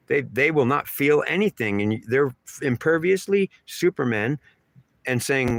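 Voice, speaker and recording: A man's voice: medium pitch, expressive, moderate pace, gravelly, no room sound. Man in a dry, rambling spiritual monologue. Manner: repetitive, emphatic, stream of consciousness. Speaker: channeler giving spiritual messages.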